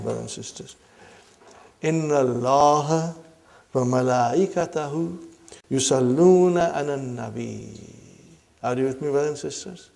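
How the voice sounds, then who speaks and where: Male Arabic teacher, a little high-pitched, quizzes the class and checks in with "huh?". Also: creaky, a little mellow. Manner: asks the class questions, checks in often with "huh?". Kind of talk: grammar lesson to a class.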